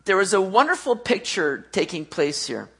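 An animated preacher works through a sermon in a husky voice of middle pitch. Points build up loud and high, then settle into quiet, low closes. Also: normal speed.

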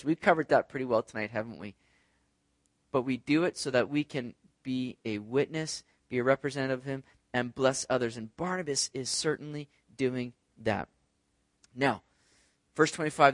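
A man's voice: on the high side, fairly bright tone, no echo. Man preaching with a dry, close sound. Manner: conversational, asks the congregation "right?" often. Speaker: pastor. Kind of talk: sermon. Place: church service.

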